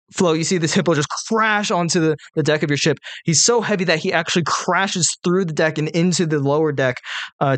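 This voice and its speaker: A man's voice: a little high, a bit bright, no room sound. Man running a tabletop game, dry close sound. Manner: methodical, counts rolls aloud. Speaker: game master.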